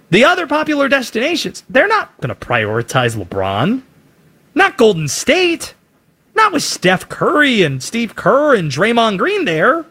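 A man's voice: very high-pitched, wildly swooping pitch, unhurried, pushed and bright, breathy edge. A man giving an emphatic sports opinion monologue, punchy and full of rhetorical questions. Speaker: sports commentator.

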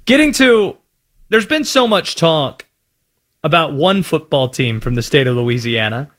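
Male sports radio host, lively high voice, playful ranting delivery. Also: unhurried. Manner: animated, playful rants. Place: radio studio.

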